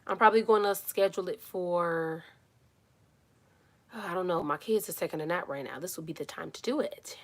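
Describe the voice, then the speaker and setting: A woman whose voice sits on the low side, moving at a moderate pace, hosts a casual phone-streamed live Q&A from a small home closet. Chatty and animated, she addresses viewers by name and drifts into soft, muttered comments.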